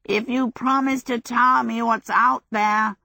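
A woman's voice: fairly high pitch, steady tone, takes it slowly, gravelly, sharp tone, no room sound, voice pushed up, full character voice. Woman voicing a drawling fire demon. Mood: grumbling. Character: grumbling sleepy male fire demon.

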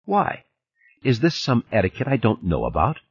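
A man's voice: mid-range voice, wildly swooping pitch, normal speed, breathy edge, pitched above the performer's own voice, full character voice. A man voicing a dry, probing woman lawyer. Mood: wry. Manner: questioning, dryly ironic. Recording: dull lo-fi cassette audio.

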